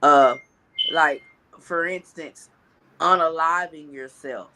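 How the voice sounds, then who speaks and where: Bright-voiced high man, reflective chat. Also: a little hiss or hum. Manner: reflective, halting, many fillers and restarts. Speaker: co-host. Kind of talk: casual commentary chat.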